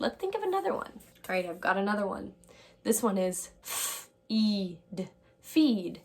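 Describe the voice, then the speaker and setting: A woman's voice: mid-range voice, creaky. Upbeat woman teacher sounding out phonics. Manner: upbeat, exaggerated sounding-out, calls students my friends. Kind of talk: phonics lesson for young children.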